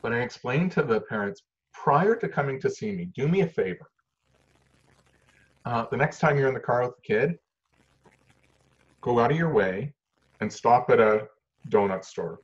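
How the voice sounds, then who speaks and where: A man from Canada, a parenting expert explaining ideas in a lively way and acting out little scenes with changing voice and volume. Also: medium pitch, moderate pace. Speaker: parenting expert, workshop leader. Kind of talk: animated storytelling explanation. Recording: dull lo-fi sound.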